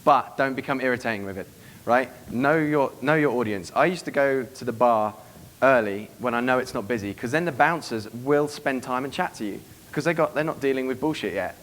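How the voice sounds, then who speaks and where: A man's voice: medium pitch, fairly quick, fairly bright tone. A man giving a live seminar talk to an audience, brash and profane, acting out bits of dialogue as he teaches. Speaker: dating coach giving a seminar.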